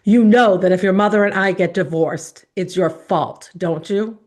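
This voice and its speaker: A woman voicing her furious, abusive father as he shouts at a child. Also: mid-range voice, normal speed, close to an everyday voice. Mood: yelling. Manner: shouting, harsh.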